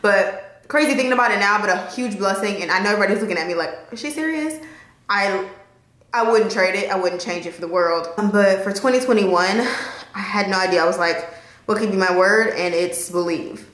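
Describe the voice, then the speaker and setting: A woman's voice: medium pitch, fairly even intonation, a little fast, a bit bright. Young woman vlogger, candid and emotional, mid-range voice, echoey room. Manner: candid, emotional, chatty with laughs. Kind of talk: casual talk to camera.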